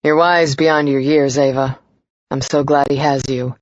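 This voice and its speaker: A woman's voice: rumbling low, steady tone, a little slow, dry recording, highs cut off. A woman voicing a tired, worried older man in an audiobook, earnest and concerned. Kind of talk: audiobook character voice.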